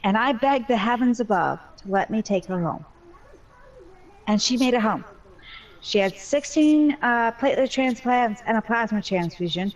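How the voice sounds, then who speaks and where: A woman's voice: on the high side, animated, moderate pace, highs cut off. A mother telling her story in a casual voice chat, candid and talkative with a joking streak.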